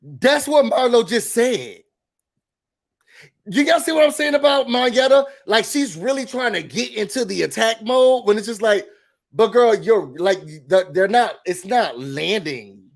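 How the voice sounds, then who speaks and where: High-voiced sassy man recapping live. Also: a little slow, creaky. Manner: animated, sassy, emphatic opinions. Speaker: YouTube recap host. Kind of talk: casual livestream reality-TV recap.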